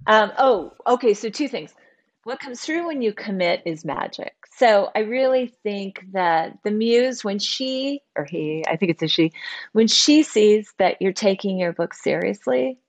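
A middle-aged woman, an author and guest in an interview, telling a personal story in an animated way and acting out the voices of people she quotes. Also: medium pitch, unhurried.

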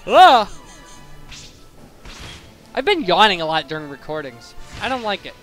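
A man's voice: a little high, sing-song, quick pace, bright, forceful tone. A young man giving casual, rambling commentary over his gameplay, wandering into side tangents and correcting himself mid-sentence. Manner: rambling, digressive, self-correcting. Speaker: let's play commentator. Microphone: boosted home microphone. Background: faint game music.

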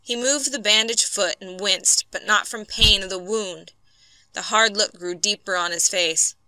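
A woman narrating an audiobook story for English learners in a clear, measured way on a close mic. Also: mid-range voice, bright, forceful tone, no room sound.

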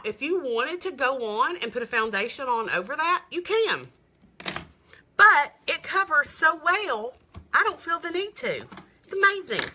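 Bright, gushing woman selling makeup. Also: a little high. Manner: chatty and gushing, greets viewers by name. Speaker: makeup seller. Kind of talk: live makeup demo and sales stream.

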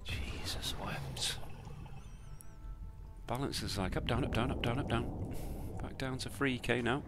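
A man's voice: mid-range voice, a little fast, over loud music. A man with a British accent giving sweary, sarcastic commentary on his own slot spins, muttering to himself between outbursts. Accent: British English. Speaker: slot streamer. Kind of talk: casual live slot commentary.

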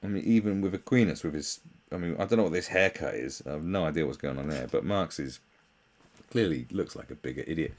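A fast-talking British commentary host with an expressive, slightly mellow voice tears into memes with sarcasm. He swears freely, mocks constantly, and pops into high mock voices.

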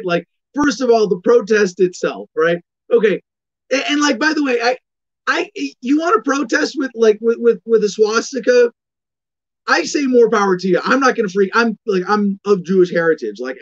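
A man with a high-pitched voice rants sarcastically as the host of a commentary show, stumbling over his words and restarting his sentences. The sound is a bit dull and lo-fi. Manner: sarcastic, animated ranting with many restarts.

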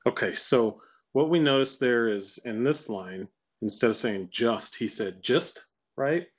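A man walking through a software tutorial casually, thinking aloud and reading lines out to test them. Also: mid-range voice, measured pace. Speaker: tutorial presenter. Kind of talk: screen-recorded software tutorial.

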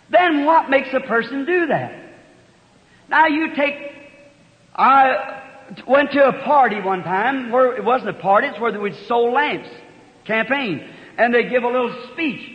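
A man in his fifties preaching a sermon, telling folksy stories and breaking into loud, fervent outbursts. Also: very high-pitched. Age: 50s. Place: large church hall. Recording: dull old recording in a reverberant hall.

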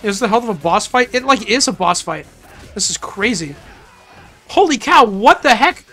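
Young adult streamer, casual excitable game commentary, bright forceful tone. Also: mid-range voice, normal speed, soft background music. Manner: excitable, exclamatory reactions.

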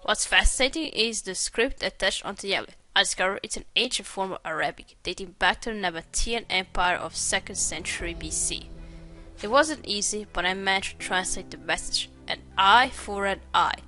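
A woman's voice: medium pitch, fairly quick, pushed and bright, soft background music, natural voice. A woman reading the lines of a learned, lecturing male French expert from a game, in her own voice. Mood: erudite. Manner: erudite, lecturing.

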